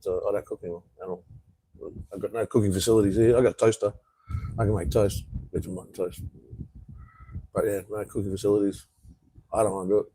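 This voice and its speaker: A man's voice: sits low, warm tone, a little hiss or hum, rough recording. A man with an Australian accent, rambling in a laid-back way as he chats casually on a live stream from an outdoor patio. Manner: rambling, laid-back, reads out viewer comments. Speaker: vlogger.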